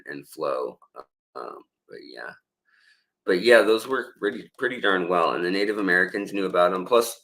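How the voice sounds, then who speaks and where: A man's voice: deep voice, fairly bright tone, rough recording. A man hosting a casual livestream, rambling with many fillers and restarts while he reads out and answers viewer comments. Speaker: livestream host.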